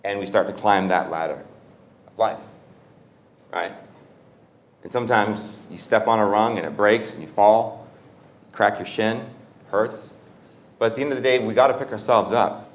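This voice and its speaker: Deep-voiced man telling a humorous story. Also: normal speed, pauses often. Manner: conversational and humorous, with frequent self-corrections and laughter. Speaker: motivational speaker. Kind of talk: motivational talk with storytelling.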